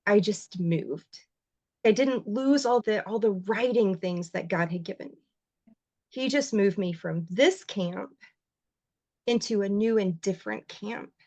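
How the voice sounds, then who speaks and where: A woman, a writer and journalist, telling her story as a guest on a podcast interview, heartfelt and expressive, her voice leaping up when she gets emotional. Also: measured pace, no room sound. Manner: voice jumps high when emotional.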